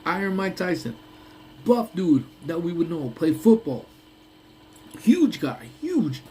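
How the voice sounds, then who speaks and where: A man hosting a casual live chat on his lunch break, telling stories with big swings from low mutters to high exclamations. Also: sing-song, takes it slowly, warm tone, a little hiss or hum, low-quality recording. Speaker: live stream host. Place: parked car on a lunch break.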